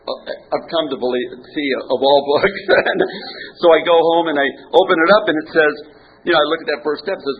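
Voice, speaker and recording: Brief: self-deprecating man speaking at a recovery meeting, slightly high voice, dull recording. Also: steady tone, brisk, slightly rough. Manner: rambling, self-mocking, restarts, chuckles. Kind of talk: personal recovery story. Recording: muffled, faint hiss.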